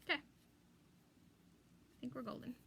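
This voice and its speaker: A middle-aged woman hosts a live crafting stream, chatting and rambling as she works and reads viewer comments out loud. She talks at a normal speed with a sharp tone, and there's a faint hiss or hum in the audio.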